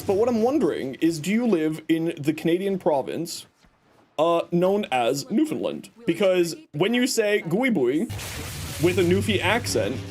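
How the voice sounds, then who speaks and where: A man's voice: high voice, a little hiss or hum. A man hosting a livestream, chatting casually and teasing as he greets viewers and reads chat. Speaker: livestream host reading chat.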